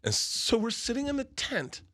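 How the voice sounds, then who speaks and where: A man in his fifties, a comedian guest, telling stories and acting out the voices of the people in them, breaking into loud laughter. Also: extremely high pitch, very animated, normal speed, no room sound, studio quality. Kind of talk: animated storytelling.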